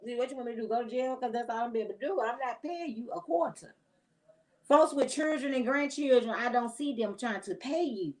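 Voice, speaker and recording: Woman host; opinionated, slangy vlog talk aimed straight at the viewer, pitched a bit high. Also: a little fast, rough recording. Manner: chatty, opinionated, slangy, direct address. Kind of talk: casual commentary vlog.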